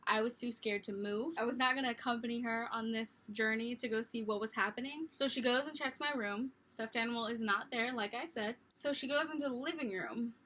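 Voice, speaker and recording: Young woman vlogging, bright clear voice, a bit high, lively self-mocking storytelling. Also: a little fast, hardly any pauses. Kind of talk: casual storytelling.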